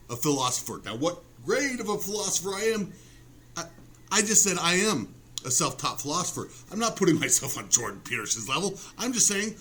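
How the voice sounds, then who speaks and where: A man's voice: a little high, gravelly, bright, forceful tone. A man ranting casually to camera, profane, sarcastic and self-mocking, with frequent restarts. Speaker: vlogger. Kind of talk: rambling casual rant to camera.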